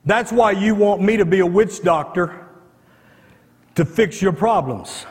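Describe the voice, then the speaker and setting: A male pastor preaching a fervent sermon, repeating himself and firing rhetorical questions, at times rising to shouts. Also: high-pitched, a little slow. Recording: long hall reverb.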